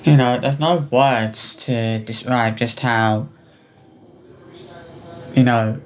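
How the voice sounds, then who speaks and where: A man talking straight to his viewers in a personal vlog, upset and remorseful, with halting speech full of restarts and fillers. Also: medium pitch, fairly even intonation. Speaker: vlogger.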